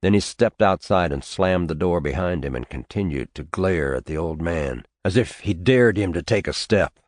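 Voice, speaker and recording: Deep-voiced man reading an audiobook. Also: no room sound, clean studio sound. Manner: steady, measured reading. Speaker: audiobook reader. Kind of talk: scripted narration.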